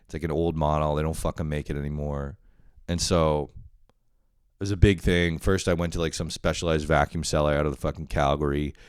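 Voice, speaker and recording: A young man rambles through a casual solo podcast, swearing freely and laughing at himself as he goes. His voice sits low and comes through smooth and resonant, recorded dry and close. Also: fairly even intonation, brisk, dry recording. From Canada. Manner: rambling, profane, self-deprecating, with frequent laughs. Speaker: podcast host.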